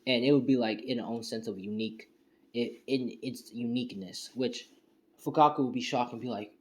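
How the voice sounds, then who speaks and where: A man's voice: mid-range voice, fairly quick. A man casually retelling a fan story, rambling with lots of fillers like "you know" and "and stuff". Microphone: home screen-recording setup.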